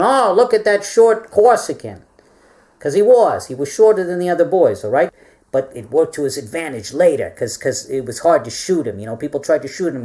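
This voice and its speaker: A woman's voice: low-pitched, dark tone. A woman giving a rambling, comic history lesson to stuffed animals, tagging her lines with "all right?" and repeating words as she goes. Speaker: presenter teaching stuffed animals.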